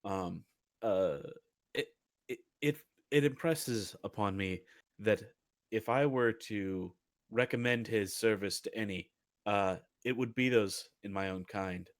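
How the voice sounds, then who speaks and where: A man voicing a formal, solemn warforged servant who speaks in a stiff, halting way. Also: lowish voice.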